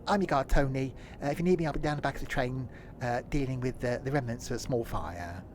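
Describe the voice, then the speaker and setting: A man doing a deadpan train guard. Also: mid-range voice, fast talker, slight background noise, natural voice. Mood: deadpan announcing. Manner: formal announcer patter with deadpan jokes. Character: cheerful male train guard making announcements.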